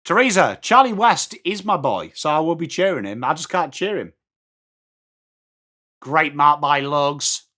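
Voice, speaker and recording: A man's voice: fairly high pitch, very animated, unhurried, pushed and bright. An English man hosting a live match watchalong, chatting casually and answering viewer comments while calling the play. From England. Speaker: watchalong host. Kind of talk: live stream chat.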